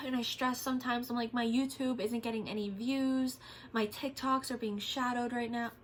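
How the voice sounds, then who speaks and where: A young woman speaking casually in a vlog, her voice sitting a bit on the high side. She rambles and vents openly, with plenty of "like" and "um". A faint hiss runs under the recording. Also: fairly even intonation, moderate pace. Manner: candid, rambling, vents frustration with frequent fillers. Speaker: vlogger. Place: at home.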